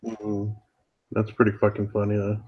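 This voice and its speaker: A man's voice: on the low side, completely flat delivery, normal speed, breathy edge, highs cut off. A man chatting casually on a podcast, laid-back and teasing, with plenty of swearing. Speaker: podcast co-host. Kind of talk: casual crude chat.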